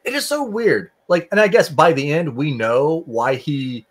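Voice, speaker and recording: A man hosting a casual book discussion, retelling scenes and acting out characters in quick voices. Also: fairly high pitch, lively intonation.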